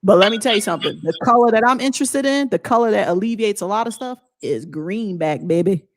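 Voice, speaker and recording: A woman's voice: medium pitch, lively intonation, fast talker, a little hiss or hum. A woman vlogger giving a blunt, emphatic motivational talk in a casual way.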